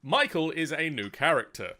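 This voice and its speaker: A man hosting a tabletop game stream, chatting in an animated, self-mocking way at his desk mic. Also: a little high, normal speed. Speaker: host and dungeon master. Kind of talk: casual stream chat.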